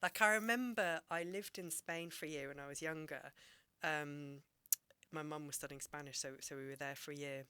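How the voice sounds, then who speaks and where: A woman, a doctor guest on a podcast, speaking reflectively and candidly, sometimes dropping to a soft near-whisper. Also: low voice, steady tone, moderate pace, smooth, dry recording.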